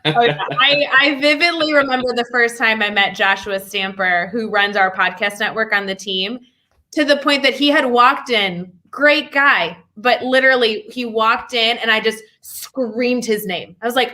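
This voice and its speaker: A woman educator chats as a podcast guest, quick and animated. Her voice sits a bit high and rings bright and forceful. She jumps into playful voices when retelling stories. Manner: quick, animated, acts out quotes. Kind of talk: casual chat.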